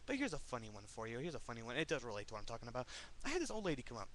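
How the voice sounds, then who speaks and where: A man's voice: mid-range voice, wildly swooping pitch, rapid-fire, a bit bright, a little hiss or hum. A young American man ranting angrily in a profane, confrontational political vlog. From United States. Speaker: vlogger. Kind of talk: angry political rant vlog.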